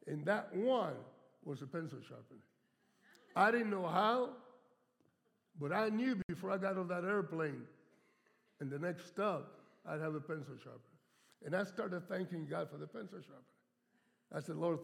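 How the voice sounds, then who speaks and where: A heavily gravelly, somewhat high-pitched older man in his seventies delivers a storytelling sermon, drawing out key words for emphasis. His voice rings with long reverb in a church sanctuary. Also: a bit bright. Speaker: guest preacher.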